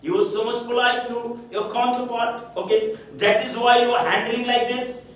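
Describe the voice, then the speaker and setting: A man's voice: extremely high pitch, level tone, moderate pace, recorded from a distance. A man with an Indian English accent teaching a spoken English lesson, repeating set phrases over and over and checking with "correct?" and "okay?". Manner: repetitive, drilling phrases with rhetorical checks. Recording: very echoey room, voice from afar.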